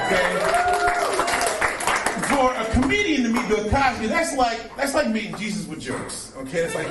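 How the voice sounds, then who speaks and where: A man performing stand-up comedy, animated and breaking into impressions of other voices. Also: very high voice, very noisy. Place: comedy club stage. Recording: roomy live club sound from a distance with loud crowd. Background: audience laughing.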